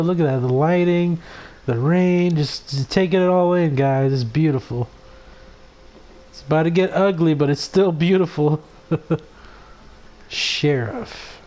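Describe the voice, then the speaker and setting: A man giving excitable, laugh-filled let's play commentary, swearing freely as he reacts to the game. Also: sits high. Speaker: gaming commentator.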